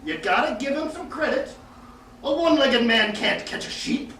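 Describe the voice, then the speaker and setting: A man's voice: very high voice, lively intonation, moderate pace, voice pushed up. Matter-of-fact pub barman, put on by a male comic, slangy twang; roomy, distant, noisy live capture. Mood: unbothered. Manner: slangy, mock-foreign twang. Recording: echoey live stage, far mic, noisy.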